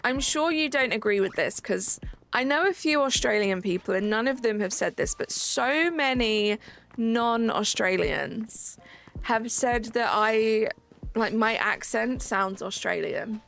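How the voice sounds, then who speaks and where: Female streamer, 30s, slightly high voice, laid-back rambling chat. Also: a little slow, vocal fry. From United Kingdom. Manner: relaxed, rambling, many "like" fillers. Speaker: livestream host. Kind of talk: casual chat while gaming, reading chat. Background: faint background music.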